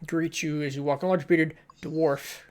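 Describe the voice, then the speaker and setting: A man running a tabletop game as game master, describing scenes with relaxed pauses and fillers. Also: on the high side.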